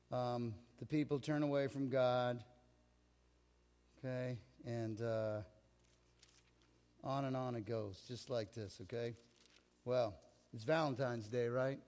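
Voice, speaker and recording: In a church sanctuary with long reverb, a middle-aged pastor preaches a sermon in a mid-range, steady, slightly mellow voice. He speaks slowly with long pauses, telling stories conversationally and acting out the people he quotes.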